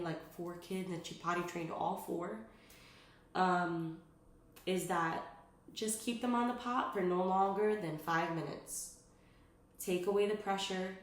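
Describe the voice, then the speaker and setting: A young mother talks through her tips in a loose, rambling vlog, her sentences full of "like" and "um." Her voice sits at an ordinary middle pitch. The room around her gives the sound a noticeable echo. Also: fairly bright tone, slight background noise. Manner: rambling, frequent "like" and "um", earnest. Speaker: mother sharing parenting advice. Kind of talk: casual chatty vlog. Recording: roomy echo.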